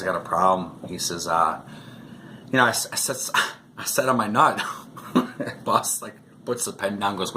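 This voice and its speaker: Guy rambling thru a story for his vlog, lowish voice, kinda bright and punchy, laughs a lot. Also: slight background noise. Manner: rambling, chuckling, peppered with "you know". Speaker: vlogger. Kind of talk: casual storytelling to camera.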